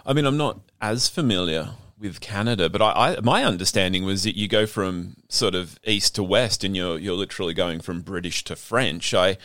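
A man's voice: low-pitched, moderate pace, few pauses, a bit bright, no echo, studio quality. An Australian man interviewing an author, talking in a wry, conversational way.

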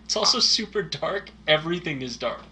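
A man's voice: on the high side, expressive, fairly quick, bright, forceful tone. A man co-hosting a casual movie chat, giving dry, teasing, opinionated takes. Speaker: podcast co-host.

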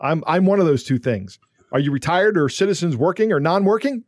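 A man's voice: a little high, lively intonation, a little fast, darkish tone, dry recording, clean studio sound. A man co-hosting a podcast, chatting casually and explaining points. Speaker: podcast co-host. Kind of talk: casual chat.

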